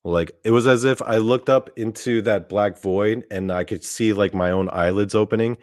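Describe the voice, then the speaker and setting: Man, podcast host, casual storytelling, rambling, profane, lowish voice, dry close recording. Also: moderate pace, darkish tone, no echo. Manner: rambling, profane, full of fillers and restarts. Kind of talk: casual first-person storytelling.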